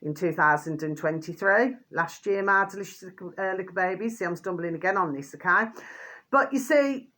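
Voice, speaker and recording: A woman's voice: medium pitch, a bit bright. A middle-aged woman from Birmingham with a Birmingham accent and a hint of Yorkshire, rambling casually to camera as a vlogger and repeating her pet phrases. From Birmingham, England.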